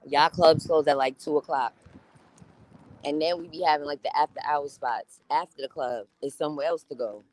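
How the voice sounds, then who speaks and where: A woman's voice: low voice, normal speed, darkish tone, poor audio. Profane chatty New woman streamer. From New York. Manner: blunt and profane, chatty, laughs often. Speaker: live-stream host. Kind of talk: casual live-stream chat reading viewer comments.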